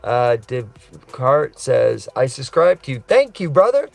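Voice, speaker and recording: Middle-aged trucker streamer, gravelly voice, casual and earnest, faint music behind. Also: male voice, medium pitch, very animated, slow pace. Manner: rambling, earnest, says man and brother a lot. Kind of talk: casual live stream chat reading comments. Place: truck cab.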